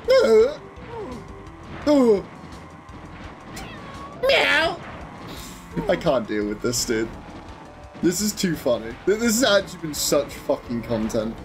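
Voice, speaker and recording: A young man commentating his own live game stream, excitable, swearing and chatting to viewers over game music. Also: on the high side.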